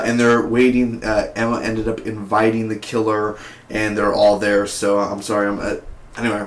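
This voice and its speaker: A young man chatting through a casual spoken TV review in a rambling, excitable way. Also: medium pitch. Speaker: TV show reviewer. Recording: echoey room.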